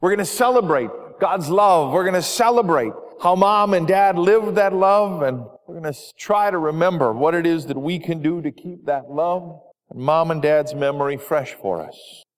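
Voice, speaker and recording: A preacher voicing a kind older farmer who speaks earnestly and gently, in a reverberant hall. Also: male voice, on the high side, moderate pace, lightly acted. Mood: gentle. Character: kind older male farmer, warm and forgiving.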